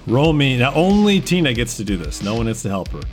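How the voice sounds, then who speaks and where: A man's voice: medium pitch, brisk, soft background music. A man narrating as game master, laughing often and swearing casually as he runs the scene. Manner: lively, laughing, swearing, voices NPCs.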